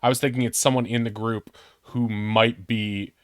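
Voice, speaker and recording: A man's voice: mid-range voice, fairly even intonation, moderate pace, smooth, no echo, clean studio sound. A man hosting a tabletop game night, chatting casually in a rambling, self-mocking way that often trails off. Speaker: game host.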